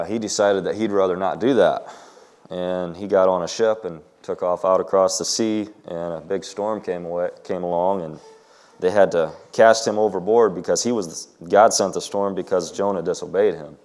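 A man's voice: sits low, darkish tone. A man reading a story aloud to a group, then talking informally and hesitantly about Bible stories, with many ums and restarts.

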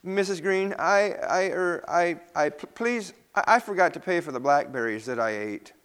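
Man doing scared little boy, high, stammering, near tears. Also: expressive, moderate pace, a bit bright, clean tone. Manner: stammering, pleading. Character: frightened, tearful little boy.

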